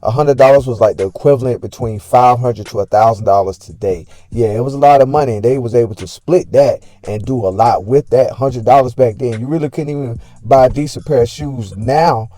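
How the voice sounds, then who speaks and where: A man with a dark, mellow voice narrates short recaps between interview clips. He sums up each story and points out what made it special. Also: medium pitch, fairly quick, few pauses, dry recording.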